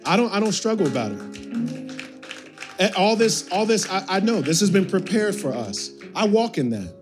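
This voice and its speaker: A pastor delivers a sermon in a fairly high voice, building phrase on phrase and pulling the congregation into call-and-response. A soft guitar plays quietly behind him. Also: male voice, sing-song, moderate pace. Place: church sanctuary.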